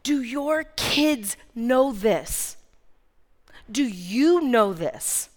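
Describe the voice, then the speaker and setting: A woman's voice: on the high side, animated, very slow. A woman in her thirties preaching a sermon, earnest and emphatic, repeating key phrases. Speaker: speaker preaching. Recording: long reverb of a large hall.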